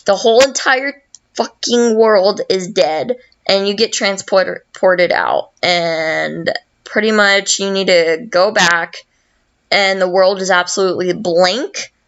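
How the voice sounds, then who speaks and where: A young woman hosting a podcast retells a story slowly and in a rambling way, swearing heavily and using lots of fillers. Her voice is mid-range, steady, and a bit bright, with the highs cut off.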